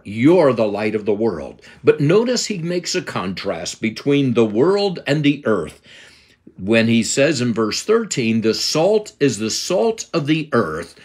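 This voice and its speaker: An older man with a slightly husky voice, giving a Bible lesson in an emphatic preaching cadence and quoting scripture. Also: medium pitch. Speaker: Bible teacher.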